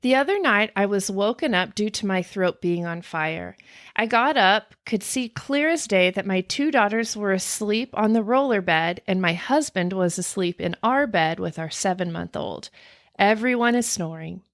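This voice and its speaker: A woman's voice: mid-range voice, expressive, moderate pace, no room sound. A woman co-hosting a paranormal podcast, telling creepy stories with real drama in her voice. She gasps, laughs and leans into every eerie moment. The sound is close and dry. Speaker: podcast co-host. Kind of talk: casual chat, reading listener stories. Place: home recording, remote from co-host.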